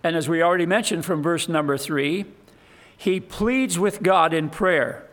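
A man with a high voice preaching a sermon at a slow, deliberate pace. He talks earnestly and emphatically, pressing his points home and rising to fervent appeals. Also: fairly bright tone.

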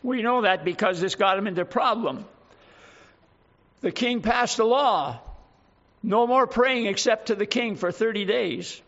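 Through a dull, lo-fi recording comes a man preaching in a remarkably high voice, a bit bright and a little slow, his intonation lively. He drives home every point of his emphatic sermon with rhetorical questions.

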